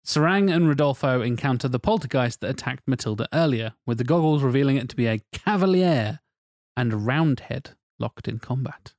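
A man co-hosting a casual podcast, narrating plot and tossing in quick quips. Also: medium pitch, lively intonation, darkish tone, dry recording, clean studio sound. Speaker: podcast co-host. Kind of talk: casual chat, reading out a film pitch.

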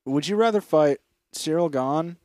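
A man's voice: a little high, darkish tone, no room sound, clean studio sound. A man co-hosting a comedy podcast, riffing with crude jokes in casual chat. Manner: crude, joking, quick riffing. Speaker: podcast co-host.

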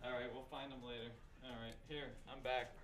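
A man hosting a casual stream, excitable and rambling, calling people "dude". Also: mid-range voice, a little fast, slight background noise. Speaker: host. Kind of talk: casual livestream chat.

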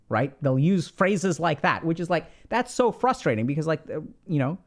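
Man, podcast host, casual explaining, conversational fillers, somewhat high-pitched. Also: sing-song, moderate pace, few pauses. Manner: conversational, many "like" fillers and "right?" check-ins. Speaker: podcast host giving relationship advice.

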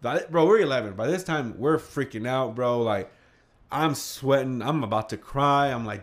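A man's voice: medium pitch, normal speed. Young man telling a wild story. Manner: animated, swearing, acts out quotes. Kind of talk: casual storytelling among friends.

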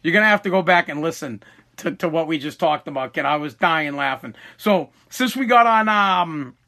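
Man in his thirties, podcast host, profane rambling storyteller, high bright voice. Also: lively intonation, normal speed, vocal fry. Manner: rambling, profane, laughing often. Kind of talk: casual storytelling chat.

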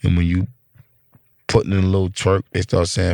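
A man's voice: sits low, monotone, fairly quick, vocal fry, a little mellow, no room sound, clean studio sound. A middle-aged man with a New York accent, telling a street story in blunt, profane casual talk. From Brooklyn, New York. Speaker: rapper interviewee.

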